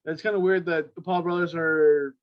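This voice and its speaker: A man's voice: fairly high pitch, steady tone, normal speed. A man co-hosting a podcast in a casual sports chat, talking hesitantly with frequent restarts and short agreements. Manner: hesitant, many restarts and fillers, agrees briefly. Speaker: podcast co-host. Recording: dull, muffled lo-fi mic.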